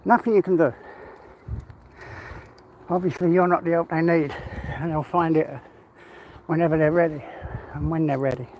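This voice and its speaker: A man's voice: on the high side, steady tone, moderate pace, pauses often, darkish tone. A man with an English accent rambling casually in a walk-and-talk vlog while out of breath, talking now and then to his dog. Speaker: vlogger. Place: outdoors on a walk. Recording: noisy outdoor phone recording.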